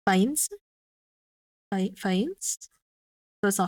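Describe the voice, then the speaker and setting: A woman streaming and chatting with her audience, trying a word out loud again and again and swearing lightly along the way. She talks slowly and unhurriedly. The sound is close and dry, with no room around it. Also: mid-range voice, no room sound. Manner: musing aloud, repeating a word to test its pronunciation. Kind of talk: casual livestream chat.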